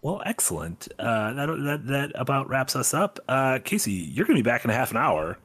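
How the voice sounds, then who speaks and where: Husky male livestream host. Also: mid-range voice, sing-song, normal speed, a bit bright. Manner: joking, reads donations aloud. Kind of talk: casual livestream chat.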